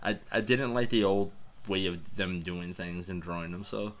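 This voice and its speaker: A man's voice: low voice, fairly even intonation, moderate pace. A man co-hosting a podcast, talking earnestly with some hesitation. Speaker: podcast co-host. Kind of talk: casual comedic chat.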